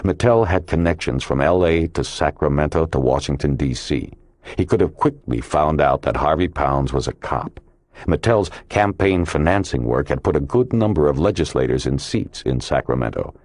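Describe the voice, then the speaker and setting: A man narrating a crime novel audiobook in a measured, even storytelling manner. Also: extremely low pitch, no echo. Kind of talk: scripted narration.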